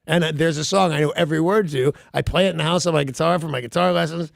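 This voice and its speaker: Male radio host, wry self-mocking storyteller, a bit high and gravelly, dry booth. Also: quick pace, no room sound. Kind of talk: casual morning radio chat.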